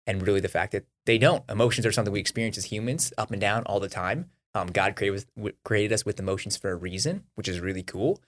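A young man co-hosting a faith podcast, recapping the last episode in a quick, upbeat, conversational way. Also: on the low side. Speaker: podcast co-host. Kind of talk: casual faith discussion.

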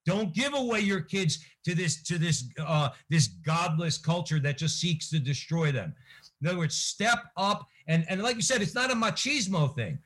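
A man's voice: on the high side, expressive, moderate pace, fairly bright tone, slightly rough. A man hosting a podcast, speaking earnestly and urging listeners to act. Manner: earnest, exhorting. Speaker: podcast host. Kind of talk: earnest interview talk.

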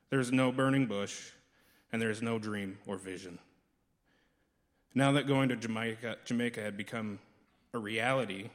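Sincere man reading his testimony. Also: on the low side. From Minnesota. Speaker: church member sharing testimony. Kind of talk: read testimony. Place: church.

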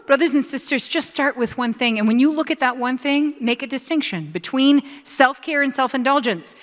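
A woman's voice: high voice, animated, moderate pace, few pauses, fairly bright tone, in a large hall. A woman pastor giving a sermon. She preaches with energy and draws the congregation into call-and-response.

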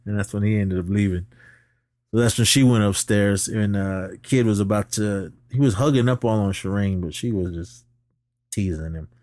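A man co-hosting a podcast, retelling a film's plot in a casual, animated way and laughing often. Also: on the low side, moderate pace, dry recording, studio quality. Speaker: podcast co-host. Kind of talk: casual movie recap chat.

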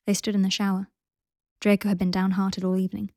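A woman narrating a story aloud in a calm, steady way. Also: mid-range voice, quick pace, no room sound, clean studio sound. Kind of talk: audiobook reading of fan fiction.

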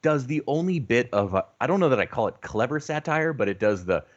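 A man co-hosting a casual movie podcast, playful and quick to laugh. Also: mid-range voice, lively intonation, lo-fi sound. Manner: playful, laughs often, tries silly impressions. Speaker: podcast co-host.

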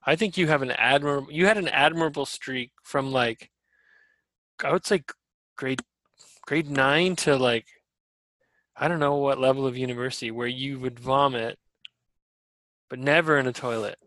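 A man co-hosting a casual podcast, with a bright, forceful tone. He tells stories animatedly, laughing often and swearing freely. The sound is dry and close, with no room echo. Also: mid-range voice, moderate pace, long pauses. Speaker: podcast co-host. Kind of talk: casual chat.

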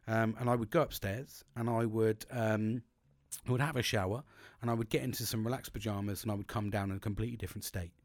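Frank, swearing podcast host. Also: male voice, fairly low pitch, fairly even intonation, fast, no room sound, studio quality. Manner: chatty and frank, swears freely, restarts sentences. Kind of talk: casual monologue on coping and mental health.

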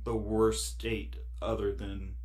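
A man's voice: lowish voice, level tone, takes it slowly, darkish tone. A man as a podcast guest, telling a rambling story in casual chat, laughing often and full of fillers.

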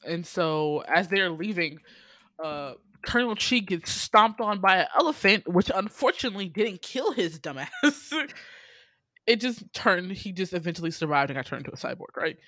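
A podcast host recapping a movie in a casual, animated way, acting out quoted lines and laughing often. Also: mid-range voice, normal speed, dry recording.

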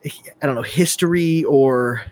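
A man's voice: medium pitch, unhurried, darkish tone. A man playing in a tabletop game, chatting casually in a rambling, hesitant way with many restarts. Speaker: player.

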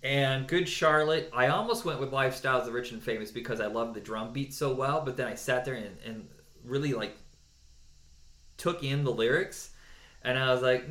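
A man's voice: mid-range voice, moderate pace. Opinionated man in an echoey room. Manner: animated, opinionated, with mocking put-on voices. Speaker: podcast co-host. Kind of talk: casual chat counting down songs.

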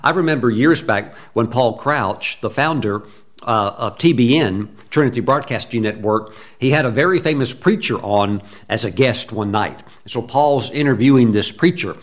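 Male preacher, lively anecdotal sermon delivery, average pitch. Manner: animated storytelling, laughs, bursts of exclamation. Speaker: pastor.

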